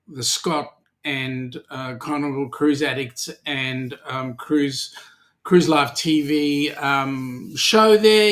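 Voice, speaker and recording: A middle-aged Australian man co-hosting a casual live-stream chat, greeting viewers and teasing them, with plenty of ums and uhs. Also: fairly high pitch. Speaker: co-host of a weekly cruising chat.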